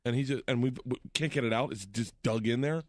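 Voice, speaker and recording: A man's voice: medium pitch, quick pace, no echo, studio quality. A man hosting a podcast, telling funny stories, laughing often and acting out other voices. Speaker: podcast host. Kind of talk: comic storytelling chat. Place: Los Angeles.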